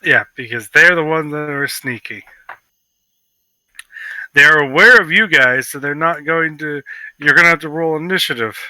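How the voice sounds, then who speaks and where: A man narrating as game master of a tabletop game, playful and animated. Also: on the high side, moderate pace, long pauses, no echo.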